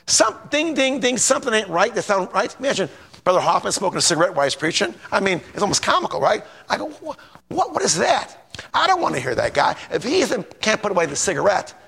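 A man giving an informal sermon in a chatty, animated way, often asking the listeners questions. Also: high voice, vocal fry, husky. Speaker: preacher.

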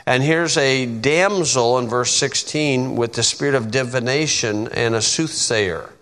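Give me a slow, folksy man preaching in a reverberant hall. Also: mid-range voice, fairly bright tone. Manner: folksy, joking asides, slow deliberate delivery. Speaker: pastor. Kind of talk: informal Bible teaching.

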